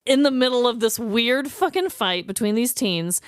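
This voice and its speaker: A woman in her thirties co-hosting a podcast, telling a story in lively casual chat, swearing and acting out the people she quotes. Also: fairly high pitch, normal speed, clear, resonant tone, dry recording, clean studio sound. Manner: animated, swearing, acts out quotes. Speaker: podcast co-host.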